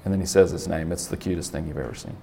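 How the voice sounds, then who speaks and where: A man's voice: deep voice, racing, vocal fry, warm tone, big-room sound, slight background noise. A man giving a casual sermon, conversational, asking the group questions and laughing often. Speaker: pastor.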